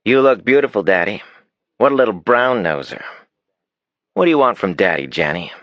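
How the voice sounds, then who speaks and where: Man playing a cocky kid brother for an audiobook: higher, loud, teasing. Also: big pitch swings, moderate pace, no room sound, muffled recording. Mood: cheeky. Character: young boy, cheeky and mocking.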